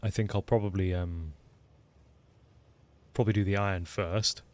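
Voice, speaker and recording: A man's voice: sits low, fairly even intonation, normal speed, darkish tone. An English man with a mixed, mostly Lincolnshire accent, chatting loosely as he streams a game, full of ums and restarts. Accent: mixed English, mainly Lincolnshire. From England. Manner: rambling, self-deprecating, frequent ums and restarts. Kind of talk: casual livestream chat while playing. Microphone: desktop microphone.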